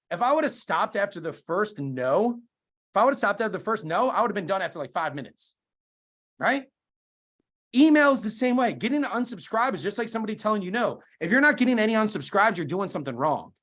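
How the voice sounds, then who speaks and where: Punchy male motivational speaker, high-pitched, video call. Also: lively intonation, fairly quick, fairly bright tone. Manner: emphatic, punchy rhetorical questions. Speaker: guest speaker.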